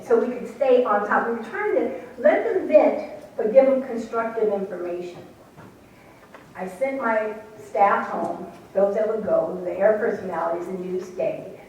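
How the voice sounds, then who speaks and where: Middle-aged woman, animated storyteller speaking at a talk, distant mic, big echoey room. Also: medium pitch. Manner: animated storyteller, acting out quotes, laughing. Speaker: radio station manager recounting events. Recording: echoey room from far off, faint noise.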